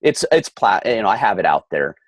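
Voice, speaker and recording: A man's voice: fairly low pitch, sing-song, a little fast, dry recording. A middle-aged man co-hosting a podcast, ranting heatedly in casual chat with frequent stammering restarts. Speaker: podcast co-host.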